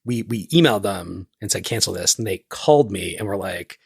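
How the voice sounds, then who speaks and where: A man's voice: low-pitched, animated, fairly quick, vocal fry, husky, no echo, studio quality. A man co-hosting a podcast in casual chat, stammering and restarting as he rants. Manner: stammers and restarts while ranting. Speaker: podcast co-host.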